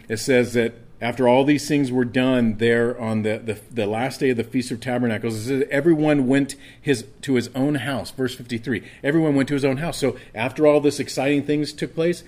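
A man preaching a sermon as pastor, earnest, restarting his sentences and slowing down for key words. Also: mid-range voice, a little mellow. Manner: earnest, with frequent restarts and stammered repeats.

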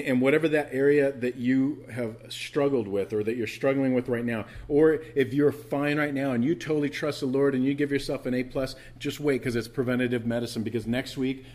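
A man's voice: mid-range voice, a little mellow. A man pastor preaching a sermon, emphatic and questioning the congregation as he teaches from scripture.

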